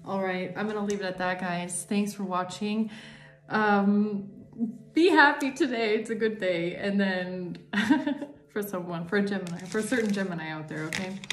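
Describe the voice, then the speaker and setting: Excitable tarot-reading woman, roomy sound. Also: mid-range voice, moderate pace, slight background noise. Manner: excitable, repeats herself, rising to squeals. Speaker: tarot reader.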